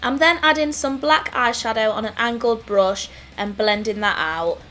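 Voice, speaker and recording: A woman with a Nottingham accent explaining makeup steps in a clear, scripted tutorial voice-over. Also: fairly high pitch, moderate pace, sharp tone. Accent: English Midlands (Nottingham). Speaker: makeup artist host. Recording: voice-over with faint music.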